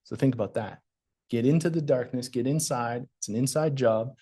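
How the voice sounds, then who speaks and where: A man guesting on a podcast as a performance coach, talking in an energetic, emphatic, motivational way. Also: medium pitch, moderate pace, husky. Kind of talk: casual conversational interview.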